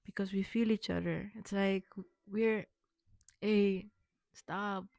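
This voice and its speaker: A young woman vlogging casually, rambling with many fillers and restarts, speaking warmly affirming words to her viewers. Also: mid-range voice, steady tone, takes it slowly, gravelly, no echo, studio quality. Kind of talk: rambling personal vlog.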